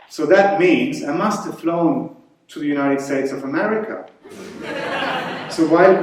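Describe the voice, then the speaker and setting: German man, stand-up comedian, deadpan storyteller, slow delivery, distant echoey hall sound. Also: fairly high pitch.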